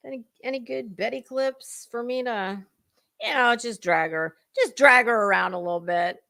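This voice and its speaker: Chatty woman with a gravelly voice. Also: mid-range voice, sharp tone. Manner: chatty, rambling, greets viewers by name. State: dry cough. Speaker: livestream host. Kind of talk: casual chat.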